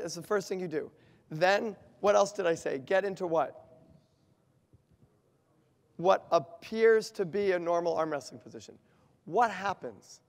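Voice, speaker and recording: Man speaking in an echoing hall. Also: sits high. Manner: asks the audience questions, lively and emphatic. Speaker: workshop speaker. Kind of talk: interactive talk to an audience. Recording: long reverb of a hall.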